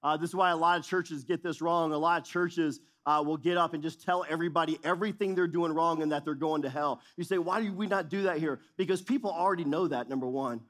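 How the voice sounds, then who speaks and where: A man's voice: fairly high pitch, fast, hardly any pauses, a bit bright. A middle-aged man preaching a sermon as pastor, speaking with emphatic repetition and shifting intensity.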